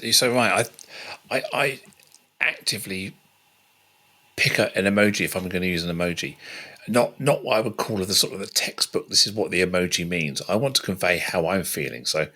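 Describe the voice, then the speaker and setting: Low-pitched, husky man; earnest, animated podcast talker. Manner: earnest, animated, repeats words when restarting. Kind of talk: casual podcast conversation. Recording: podcast audio.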